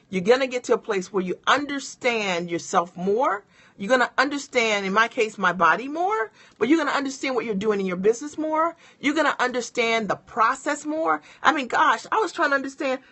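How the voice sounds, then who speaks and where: A middle-aged woman giving a motivational live-stream talk as a business coach, speaking straight to her viewers and encouraging them. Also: on the high side. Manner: energetic and encouraging, addresses viewers directly.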